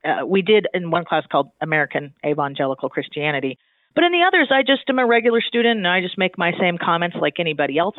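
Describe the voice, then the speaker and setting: A man from Southern California talks as a guest in a chatty, animated way, often restarting his sentences. His voice sits high. The sound is thin and phone-like and completely dry. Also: fast talker, dry recording. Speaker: guest, divinity student. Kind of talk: casual conversation.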